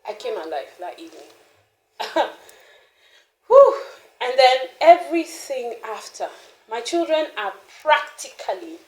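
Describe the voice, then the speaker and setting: A woman in an interview, candidly telling a personal story with frequent laughter and animated restarts. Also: sits high, a little slow, roomy sound, poor audio. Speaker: founder of a mothering community, interview guest.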